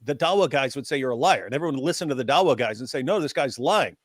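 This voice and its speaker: A man co-hosting a casual live-stream discussion, talking in animated runs full of restarts. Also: mid-range voice, very fast, no room sound, clean studio sound. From United States. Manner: animated, rambling with restarts, rising excitement when quoting others. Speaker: co-host.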